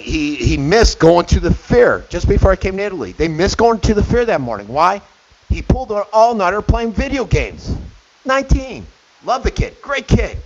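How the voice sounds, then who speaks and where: A middle-aged man hosting a radio show, delivering an indignant opinion monologue with sarcastic asides. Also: a little high. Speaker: radio host. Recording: dull lo-fi with faint hiss.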